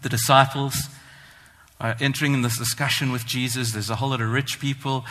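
A man's voice: medium pitch, fairly even intonation, bright, forceful tone. Earnest man preaching in a reverberant hall. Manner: earnest, emphatic, slows down on scripture quotes. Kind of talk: sermon.

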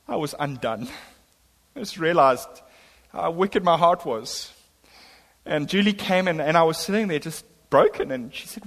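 A man preaching a sermon, telling a personal story with emphatic swings between loud and hushed delivery. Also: high-pitched, a little fast. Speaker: pastor. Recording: long hall reverb.

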